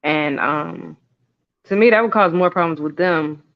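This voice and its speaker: High-voiced, smooth man musing on TV drama. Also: a little slow. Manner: thoughtful and hedging, many "um"s and "I don't know"s. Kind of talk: casual recap chat. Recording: dull, lo-fi audio.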